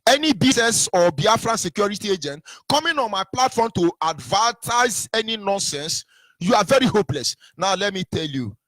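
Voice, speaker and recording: A man's voice: high voice, animated, normal speed, fairly bright tone, no echo. A Nigerian man giving an impassioned political monologue, preachy, repeating rhetorical questions and sometimes singing his lines. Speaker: activist broadcaster.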